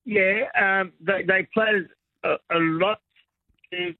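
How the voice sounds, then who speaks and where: A man calling in to a radio quiz and answering in a hesitant, halting way. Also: sits high, steady tone, no echo. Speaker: caller. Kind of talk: phone-in chat. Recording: tinny phone line.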